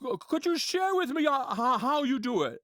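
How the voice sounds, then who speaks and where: A man's voice: extremely high pitch, big pitch swings, moderate pace, bright, forceful tone, no room sound, studio quality, full character voice. A man doing an impression of a classic male film star who stammers and repeats his words while telling a joke. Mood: stammering, folksy.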